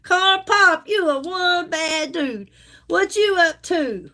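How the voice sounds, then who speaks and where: A woman's voice: very high-pitched, lively intonation, takes it slowly, a bit bright. A woman with a Southern US accent chatting folksily with viewers on a casual live stream, calling them honey as she sells.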